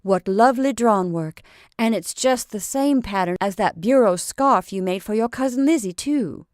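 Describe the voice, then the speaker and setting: Woman reader playing a sharp-tongued suspicious woman, clipped and scornful, storybook, dry sound. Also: mid-range voice, moderate pace, no echo, pitched above the performer's own voice, natural voice. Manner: sharp, peremptory.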